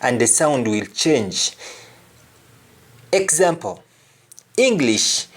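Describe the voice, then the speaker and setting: Guy doing a pronunciation lesson, super slow, says each word twice, voice moves around a lot. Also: medium pitch, sing-song. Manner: drills each word slowly, saying it twice. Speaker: language teacher.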